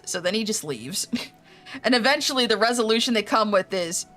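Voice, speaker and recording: A woman's voice: mid-range voice, animated, fairly quick, a bit bright, soft background music. Chatty young woman streamer, swearing freely. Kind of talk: casual game stream chat.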